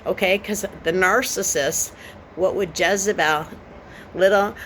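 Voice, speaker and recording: Woman, 40s, bright edgy voice, profane defiant rant, jumps between mocking and scornful. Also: fairly low pitch, a little slow, a little hiss or hum. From Canada. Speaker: vlogger. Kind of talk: ranting vlog monologue.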